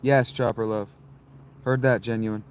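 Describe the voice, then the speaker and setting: A man in his thirties, live streaming from a campsite and answering his chat with blunt, dismissive, quick replies. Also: mid-range voice, flat delivery, slight background noise. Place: outdoors at a campsite.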